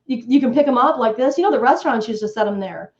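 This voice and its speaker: A woman's voice: fairly high pitch, animated, fast talker. A woman guest coach on a live webinar, talking emphatically and acting out sales scripts. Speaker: guest real estate coach. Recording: echoey, dull lo-fi stream audio.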